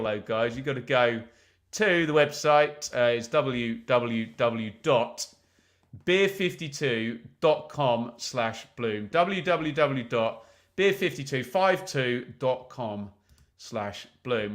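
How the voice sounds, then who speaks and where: A man's voice: mid-range voice, a bit bright. A man hosting a live football watch-along, chatting casually with viewers and reading their comments, with frequent "um" fillers.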